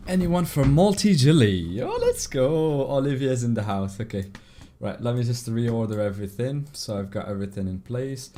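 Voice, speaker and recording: A man's voice: medium pitch, very animated, normal speed, few pauses, dark tone, slight background noise. A man live-streaming a game, chatting casually, reading out and answering viewers' messages and laughing often.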